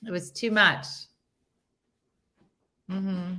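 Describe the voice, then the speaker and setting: A woman's voice: lowish voice, drawn-out words, a little hiss or hum. A woman hosting a casual morning chat show, telling stories and acting out what people said. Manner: animated storytelling, acting out quoted people. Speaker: host.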